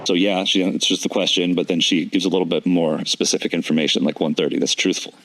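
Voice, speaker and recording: A man's voice: low-pitched, steady tone, fast, fairly bright tone, rough recording. A man giving methodical commentary on an interview clip, breaking down word choices and repeating his points. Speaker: deception analysis commentator.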